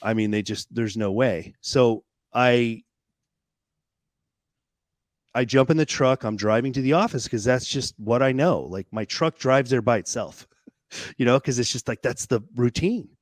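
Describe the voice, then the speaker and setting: A man in a mid-range voice, telling a story as a podcast guest. He talks in an animated, casual way, swears freely, and stumbles over repeated words as he rushes ahead. His voice is recorded dry and close. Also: medium pitch, no room sound.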